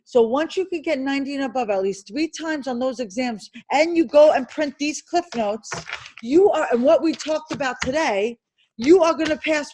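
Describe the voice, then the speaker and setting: A woman teaching an insurance licensing class, quizzing students with rapid questions and emphatic reminders. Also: high-pitched, a little hiss or hum, poor audio. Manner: emphatic and animated. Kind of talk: classroom review lecture.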